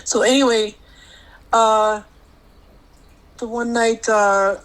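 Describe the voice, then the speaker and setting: A middle-aged woman guest telling a personal experience on a podcast, rambling, restarting often, and jumping higher when she quotes others. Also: level tone, takes it slowly, clean tone, rough recording. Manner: rambling, full of restarts, jumps high when quoting others.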